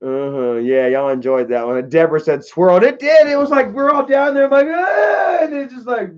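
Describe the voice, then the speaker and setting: A man's voice: high-pitched, fairly even intonation, brisk. A young man hosting a casual livestream, telling rambling stories full of swearing and answering chat. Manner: swearing, laid-back storytelling. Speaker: livestream host. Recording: dull lo-fi stream audio.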